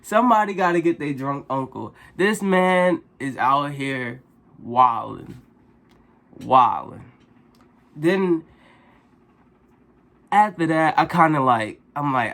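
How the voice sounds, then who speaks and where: A man vlogger telling a casual story in an animated, exasperated, slangy way. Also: fairly high pitch, slow pace, pauses often.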